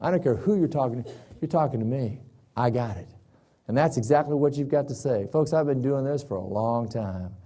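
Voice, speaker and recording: A man giving a motivational seminar, telling stories in a folksy, emphatic way. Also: mellow. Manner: storytelling, folksy, varies pitch widely for emphasis. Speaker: motivational speaker.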